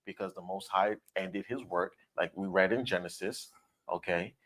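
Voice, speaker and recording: A man's voice: low-pitched, moderate pace, a bit bright. A man leading a Bible study in a teaching style, stressing and repeating his points and often checking in with "all right?".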